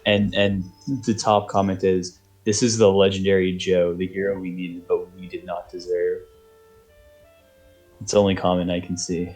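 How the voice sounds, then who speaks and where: A man's voice: low-pitched, little pitch movement, moderate pace, a little mellow, soft background music. A man narrating as game master, rambling and hesitant with many fillers. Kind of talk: narrating a tabletop game over voice chat.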